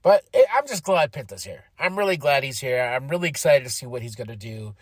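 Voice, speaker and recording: A man hosting a podcast, casually recapping events with animated energy, laughing often and acting out quotes. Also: medium pitch, brisk, no room sound, clean studio sound. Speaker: podcast host.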